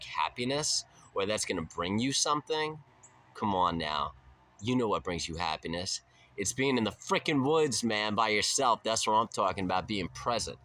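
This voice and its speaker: Deep-voiced, bright-toned laid-back man. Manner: laid-back, slangy and profane, drifting into spiritual musing. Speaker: vlogger. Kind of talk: casual rambling monologue.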